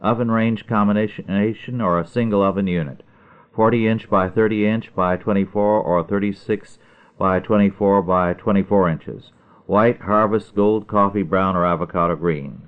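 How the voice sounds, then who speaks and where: A man playing a fussy parts-store clerk who reels off every option in a prim, pedantic tone. The voice stays low. The sound is thin and tinny, like a phone line. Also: steady tone, normal speed, smooth, natural voice.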